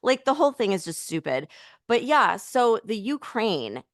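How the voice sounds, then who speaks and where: A woman's voice: medium pitch, very animated, normal speed, dry recording, studio quality. A woman co-hosting a political podcast, ranting in a heated, emphatic way in casual chat. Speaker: podcast co-host.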